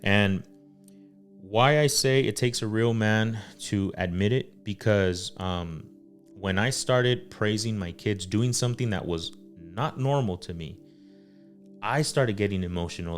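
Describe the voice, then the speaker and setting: A man with a deep, low-pitched voice talks earnestly about faith and family as a podcast host. He speaks casually and often pauses or says um mid-thought. Soft music plays faintly in the background. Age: adult father. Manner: earnest, full of fillers and pauses. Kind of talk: casual faith-based talk.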